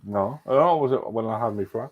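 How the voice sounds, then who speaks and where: Low-voiced North East man on a dull call line. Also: quick pace. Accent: North East England. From North East England. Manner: laughs at his own stories. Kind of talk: casual anecdote on a video call. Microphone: video call. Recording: dull, lo-fi video call audio.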